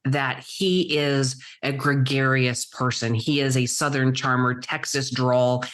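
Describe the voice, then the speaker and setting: A middle-aged woman, a guest entrepreneur, telling her story in vivid present tense with dramatic pauses. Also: very deep voice, level tone. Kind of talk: storytelling interview answer.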